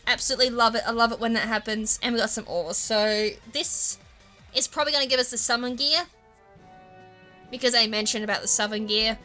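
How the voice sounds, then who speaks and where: Casual Australian woman gamer, tangent-prone commentary, bright tone, light music bed. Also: a little high, brisk. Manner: chatty, rambling, goes off on tangents. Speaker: gaming YouTuber. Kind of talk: casual let's-play commentary.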